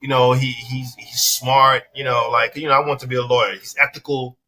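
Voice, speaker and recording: A man recounts a story in a relaxed interview, his voice bright and forceful at a middling pitch. He plays every part of each exchange himself and swears without holding back. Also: brisk. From the Bronx, New York. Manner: animated storyteller who acts out both sides of a dialogue, swears freely. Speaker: dispensary owner, podcast guest.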